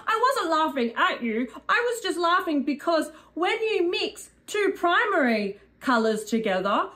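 Brief: calm, patient kids'-show teacher friend, lower and slower than the host, measured delivery, voiced by a woman. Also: full character voice. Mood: gently scolding. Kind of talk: children's educational role-play.

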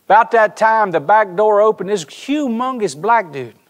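High-voiced preacher. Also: male voice, moderate pace. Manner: storytelling preacher, animated, addresses congregation directly. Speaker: pastor. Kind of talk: sermon. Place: church sanctuary.

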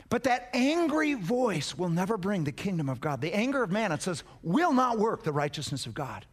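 Male pastor, high lively voice, impassioned sermon delivery with emphatic repetition. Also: normal speed, hardly any pauses. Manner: impassioned, repeats words for emphasis, swings from loud to hushed.

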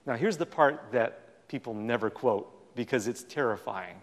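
A man giving a public talk, telling stories in a lively way with plenty of fillers and acting out the dialogue. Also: mid-range voice, normal speed. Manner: animated storytelling, acts out quoted dialogue. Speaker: guest speaker. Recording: long reverb in a hall.

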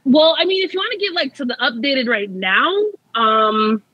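A woman's voice: sits high, moderate pace, pushed and bright, dry recording, muffled recording. A young adult woman, a guest in a casual interview, telling a story in a chatty way, laughing often and saying "like" a lot.

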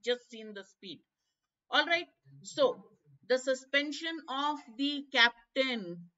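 A woman's voice: sits high, expressive, takes it slowly, bright, forceful tone. A woman with an Indian English accent teaching a live online exam-prep class, explaining step by step and mixing in bits of Hindi. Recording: dull lo-fi stream audio.

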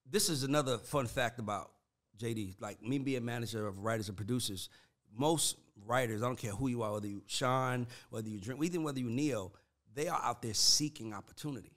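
A man hosting a casual chat, talking in a loose, profane and slangy way with lots of "like" and "dog". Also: medium pitch. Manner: animated, profane, slangy storytelling with frequent "like" and "dog". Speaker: podcast host and manager of writers and producers.

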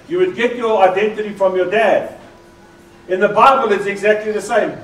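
A man from South Africa with a South African accent, preaching a lively sermon, joking and drawing in the congregation. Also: sits high, moderate pace. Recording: echoey hall from far off.

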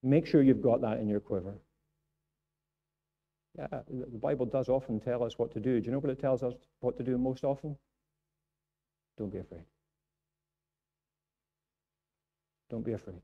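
A man's voice: medium pitch, steady tone, a little fast, dull audio. A man preaching a sermon in church, earnest and repeating phrases for emphasis. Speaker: pastor.

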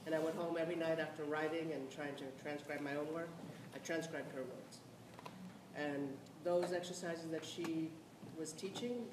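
Blunt New woman, echoey hall. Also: sits low. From South Bronx, New York. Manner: animated, blunt, swears freely, laughs often. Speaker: playwright on a discussion panel. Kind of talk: candid storytelling on a panel. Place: theatre or auditorium. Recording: echoey hall, distant mic, noisy.

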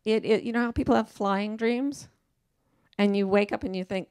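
A woman's voice: mid-range voice, moderate pace, darkish tone, clean tone, dry recording, clean studio sound. A woman author talking as a guest in a casual onstage interview, emphatic and playful, often quoting herself in voices.

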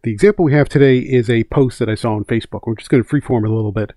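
A man hosting a comics commentary show, speaking in an emphatic, opinionated way and driving his points home by repeating them. His voice sits at an ordinary middle pitch for a man. The recording is dry and close, with no room echo. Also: racing, mellow. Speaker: host of a comics commentary channel. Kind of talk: casual commentary.

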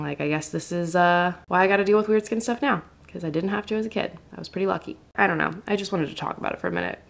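A woman's voice: lowish voice, creaky, fairly bright tone. A young woman vlogging casually to camera, rambling with many fillers, upset and tearful. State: crying, upset. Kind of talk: casual vlog talk to camera.

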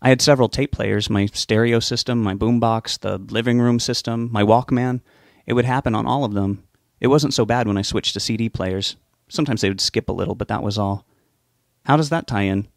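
A man's voice: lowish voice, fairly even intonation, a little fast, gravelly, no echo, studio quality. A man reading a novel aloud in a plain, conversational storytelling manner. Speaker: audiobook narrator. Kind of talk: first-person novel narration.

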